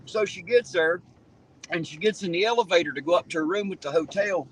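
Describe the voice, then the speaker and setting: A man's voice: high-pitched, brisk. A man with a Southern US accent, hosting a casual outdoor chat and telling profane, folksy stories. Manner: folksy and profane, drawling tall tales. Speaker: channel host. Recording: distant mic with noisy outdoor background.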